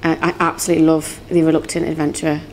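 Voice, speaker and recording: A young woman with a London accent, a singer and songwriter chatting as an interview guest, quick-talking and giggly. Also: low voice, flat delivery, darkish tone, a little hiss or hum. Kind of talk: casual interview chat.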